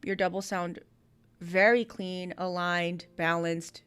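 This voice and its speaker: Her voice is fairly low, her delivery flat, and she takes her time. As host of a live-stream music review, she gives feedback on a submitted track, offering technical coaching on the vocals and production.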